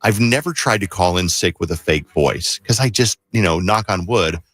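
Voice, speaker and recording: A man's voice: low-pitched, moderate pace, fairly bright tone. A man in his fifties hosting a morning radio show, chatting casually with many fillers and restarts. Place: radio studio. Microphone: studio microphone.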